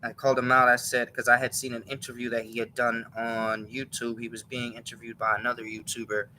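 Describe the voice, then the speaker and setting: A man's voice: mid-range voice, little pitch movement, brisk, bright, forceful tone, a little hiss or hum, low-quality recording. A man casually retelling a story, rambling and correcting himself as he goes, with a chuckle in his voice. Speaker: show host.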